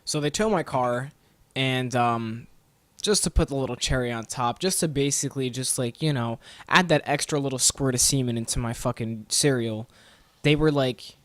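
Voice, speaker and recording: A man's voice: mid-range voice, moderate pace, dry recording. A young man hosting a podcast, telling a story in a profane, exasperated rant. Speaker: podcast host. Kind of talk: casual storytelling monologue.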